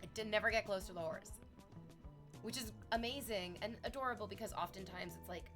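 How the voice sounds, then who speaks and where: A woman's voice: fairly quick, over music. A Canadian woman streaming, chatting animatedly with her viewers and laughing often. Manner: animated, laughing, shifts into high excited shrieks for quoted bits. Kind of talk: casual chat with viewers.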